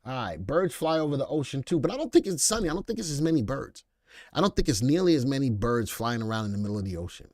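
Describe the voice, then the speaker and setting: A man hosting a live stock market commentary show, animated and joking as he reads viewer comments aloud. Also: medium pitch, fast, no room sound, clean studio sound.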